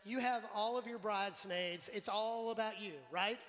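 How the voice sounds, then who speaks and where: A male pastor preaching a sermon in a relaxed, conversational way, putting questions to the congregation and joking with them. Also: high voice, moderate pace. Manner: conversational, quizzes the congregation, jokes. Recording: long church hall reverb.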